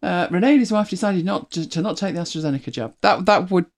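Speaking fast at a medium pitch, this UK host talks to a livestream audience in a chatty, meandering way. They keep correcting themselves and laugh frequently.

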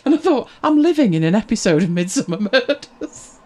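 A woman hosting a casual livestream, chatting and telling wry anecdotes as she reads viewer comments. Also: brisk. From Britain. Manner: chatty, wry storytelling with lively pitch swings. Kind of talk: casual chat.

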